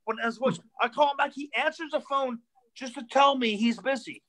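A male stand-up comedian telling animated stories on a video call, repeating himself and acting out voices. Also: very high voice, moderate pace. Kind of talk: comedic storytelling on a live online show.

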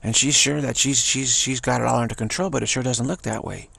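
A man's voice: medium pitch, steady tone, a little fast, vocal fry, sharp tone, dry recording, full character voice. A man voicing Adam as a weary, put-upon man complaining with resignation. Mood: resigned.

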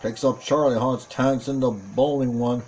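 A man calling a tag team wrestling match play by play, excitable, with frequent exclamations and self-corrections. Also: mid-range voice, normal speed, husky. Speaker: wrestling commentator. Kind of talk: play-by-play commentary.

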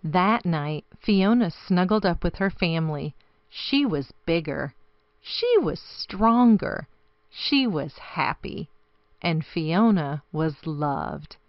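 A woman reading a children's picture book aloud, slow and expressive, her voice rising and falling a lot. The recording is dry with a slightly dull sound. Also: on the low side, no echo. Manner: expressive, storytelling lilt. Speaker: storybook reader.

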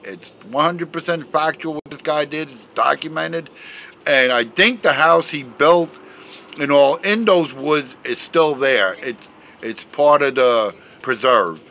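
A man hosting his own show outdoors, chatting casually in a loud, forceful, outspoken way and chuckling often. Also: on the high side, slight background noise, poor audio. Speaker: show host showing memes and pictures. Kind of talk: casual rambling commentary. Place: outdoors in a breeze.

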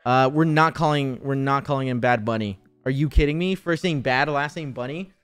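A man in his twenties chats casually on a gaming live stream, heavy on swearing, teasing and laughter, with faint music in the background. His mid-range voice is smooth and brisk.

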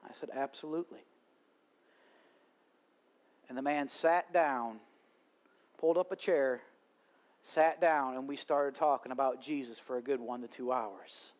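A man's voice: mid-range voice, steady tone, unhurried, pauses often. A male pastor preaching at a live church service, telling a story and rising to fervent preaching. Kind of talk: sermon.

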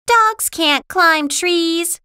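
A woman voicing a bossy, sulky young girl who complains sharply, in a slow, clear storybook reading. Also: high-pitched, very animated, fairly bright tone, voice pushed up, heavily acted.

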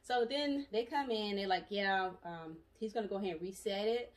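A woman's voice: medium pitch, moderate pace. Chatty woman vlogger, set back from mic. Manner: chatty, animated, with frequent asides and laughs. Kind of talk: casual storytelling vlog. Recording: voice distant from the mic.

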